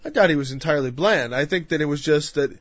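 A man's voice: a little high, expressive, fast, dry recording, highs cut off. A middle-aged man teaching from the Bible in a casual, conversational sermon, acting out quotes in playful voices.

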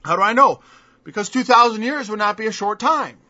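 A man's voice: sits high, a little fast, bright, forceful tone, dry recording. A man preaching a sermon, emphatic and scornful, firing off rhetorical questions on a dull lo-fi recording.

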